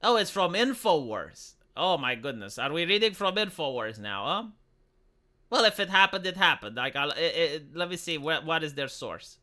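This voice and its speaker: High, bright-voiced male streamer. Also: sing-song, normal speed. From Romania. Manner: sarcastic, rambling with many fillers. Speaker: live stream host. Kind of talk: casual political commentary.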